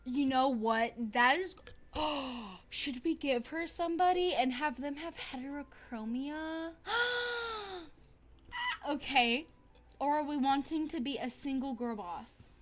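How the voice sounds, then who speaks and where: A young woman streaming a life-sim game, chatting casually to viewers in a bubbly, excitable way, gasping and repeating herself. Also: high-pitched, a little slow. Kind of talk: casual gaming stream chat.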